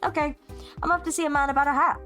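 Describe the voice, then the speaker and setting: A playful woman narrates a story game live on stream, joking and laughing often. Her voice sits fairly high. Faint music plays quietly behind her. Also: fairly even intonation, racing.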